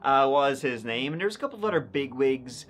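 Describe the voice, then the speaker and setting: A man's voice: mid-range voice, expressive, brisk, fairly bright tone, slight background noise. A man narrating history in a casual, conversational storytelling style with wry, sardonic asides.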